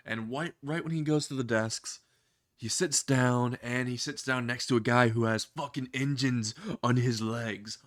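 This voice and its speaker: A man's voice: medium pitch, no echo, clean studio sound. A man casually narrating a crude comedy story, laughing at his own jokes.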